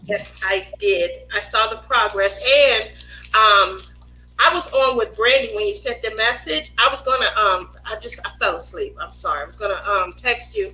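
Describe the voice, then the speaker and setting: Bright-voiced woman, guest on a live chat. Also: mid-range voice, moderate pace, slight background noise, poor audio. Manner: animated, laughing, joking with her son. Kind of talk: casual live-stream chat.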